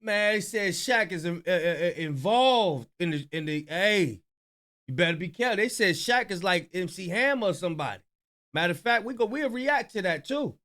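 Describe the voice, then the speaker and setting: A man's voice: high-pitched, animated, moderate pace, a bit bright. A man throwing in teasing side comments with mock warnings and slang.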